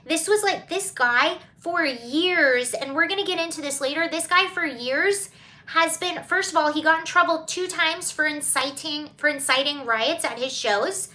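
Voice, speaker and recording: Speaking at a normal speed, this young Georgia woman has a high, pushed, bright voice and a Southern accent. She hosts a casual livestream where she chats, reads viewer comments, drifts between topics and laughs.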